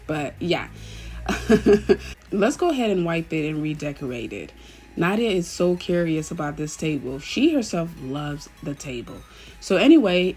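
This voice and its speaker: A woman chatting casually through a home decor vlog, gushing now and then with excited cheers. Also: lowish voice. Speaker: home vlogger.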